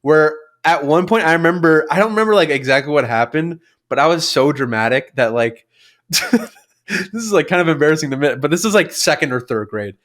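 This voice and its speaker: A man's voice: a little high, expressive, brisk, a bit bright. A young man co-hosting a podcast, telling childhood stories in a rambling, casual way full of fillers and swearing. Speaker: podcast co-host. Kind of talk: casual chat.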